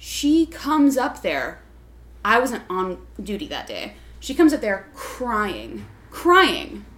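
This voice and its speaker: A woman telling a story on a casual podcast chat, profane and ranting, full of swearing and quick asides. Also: medium pitch, very animated, fairly bright tone. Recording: echoey room.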